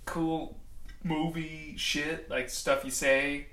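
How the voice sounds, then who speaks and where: A man's voice: a little high, little pitch movement, extremely slow, sharp tone. Joking, rambling man in a roomy space. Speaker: podcast co-host. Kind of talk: casual chat. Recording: roomy echo.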